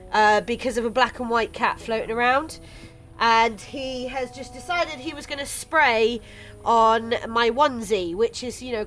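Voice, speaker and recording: A woman's voice: a little high, fairly bright tone. A woman streaming a game playthrough, reading its text aloud and chatting casually, swearing now and then.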